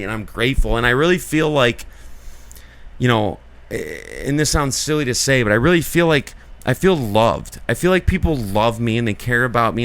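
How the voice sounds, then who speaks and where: A man's voice: medium pitch, fairly bright tone, clear, resonant tone. A man co-hosting a podcast in casual chat, talking in long earnest rambles full of filler likes. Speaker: podcast co-host.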